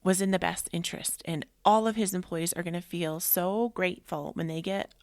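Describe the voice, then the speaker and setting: A woman in her thirties hosts a personal podcast and talks in a heartfelt, rambling way full of fillers. Her voice sits fairly low with a gravelly edge. The recording is close and dry, with no room sound. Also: steady tone, normal speed, a little mellow, no echo. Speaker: podcast host. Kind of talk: casual personal podcast monologue.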